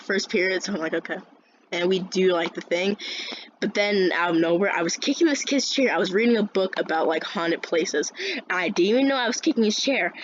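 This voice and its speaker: Teen girl ranting and swearing nonstop. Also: medium pitch. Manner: swears constantly, rambling with restarts. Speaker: vlogger. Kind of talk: ranting storytime. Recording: dull lo-fi with faint hiss.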